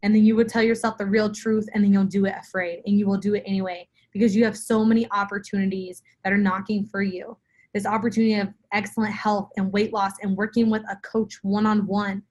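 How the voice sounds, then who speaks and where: A woman's voice: medium pitch, little pitch movement, a little fast, a little mellow. A young adult woman giving an emphatic motivational talk to her weight-loss group, speaking straight to the camera and repeating her key phrases. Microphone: phone or camera for a live video.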